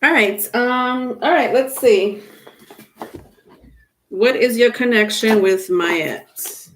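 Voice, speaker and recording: A woman's voice: fairly high pitch, takes it slowly. A woman doing a live-stream tarot reading, chatting casually and reading viewer comments aloud. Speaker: tarot reader.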